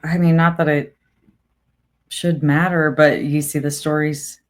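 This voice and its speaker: A woman's voice: sits low, level tone, measured pace. A woman as a podcast guest in casual political chat, sardonic and argumentative, making her points with rhetorical questions and occasional swearing.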